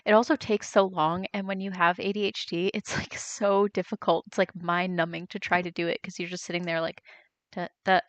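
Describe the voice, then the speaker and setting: A woman's voice: lowish voice, level tone, a little fast, few pauses, no room sound, highs cut off. Young adult female streamer, casual chatter, dry close sound. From United States. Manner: chatty, reads chat aloud and reacts with laughs. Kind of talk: casual live-stream chat.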